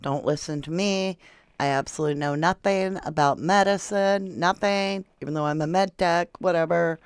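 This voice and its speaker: A woman's voice: on the low side, normal speed, smooth, no echo. A woman from Florida hosting a casual true crime livestream, chatting and reading viewer comments aloud. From Florida, USA. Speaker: true crime channel host.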